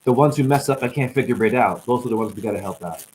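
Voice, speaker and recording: A worn-out man freestyles a spiritual sermon on a livestream, chaining rhymes and puns and breaking into high whoops. His voice sits at an ordinary middle pitch and sounds drained. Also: fast talker, low-quality recording. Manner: rambling rhyming wordplay with sudden whoops. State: tired, drained. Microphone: static-laden livestream mic.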